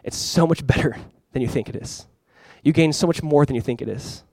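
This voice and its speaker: A man's voice: mid-range voice, brisk, darkish tone, no echo. A man preaching a sermon as pastor, conversational and emphatic, talking to the congregation and inviting them to respond. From California.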